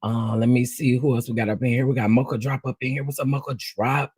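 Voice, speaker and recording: Man, livestream host, AAVE speech, husky, dry close sound, playful chat. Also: medium pitch, fast talker, no echo. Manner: animated, greets viewers one by one, playful.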